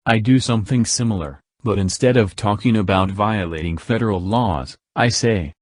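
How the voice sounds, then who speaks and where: Guy narrating reddit-style posts, kinda low voice, flat matter-of-fact read, dry close mic. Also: normal speed, few pauses, no room sound. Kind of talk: scripted narration of online posts.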